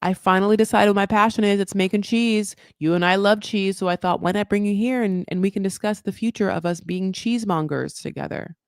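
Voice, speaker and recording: A woman's voice: medium pitch, fairly quick, few pauses, clean tone, dry recording, studio quality, natural voice. A woman voicing a lazy, laid-back young husband rattling off casual excuses. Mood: coaxing.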